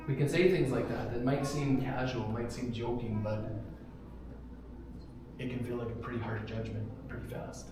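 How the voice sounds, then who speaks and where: A male pastor preaching a casual, joking sermon in a church, with props and sudden bursts of loud emphasis. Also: medium pitch, fairly even intonation, normal speed. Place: church sanctuary. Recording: very echoey room, faint background hum.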